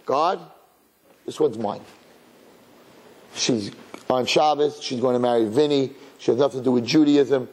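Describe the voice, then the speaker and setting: A man's voice: medium pitch, measured pace, long pauses, darkish tone, husky. A man voicing Satan as a sly, pushy male accuser who argues insistently.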